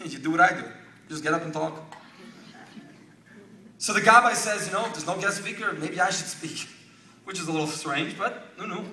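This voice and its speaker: A man's voice: high voice, pushed and bright. A man telling a moving story as the speaker at a dinner, acting out the quoted lines with drama, heard from far off in an echoey hall.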